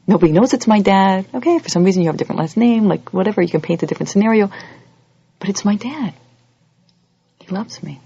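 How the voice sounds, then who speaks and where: A woman giving an animated lecture, acting out little scenes and quoted voices as she teaches. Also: slightly rough, no echo. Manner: animated, acts out quoted voices with big pitch jumps. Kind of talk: lively lecture. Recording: dull lo-fi audio recording.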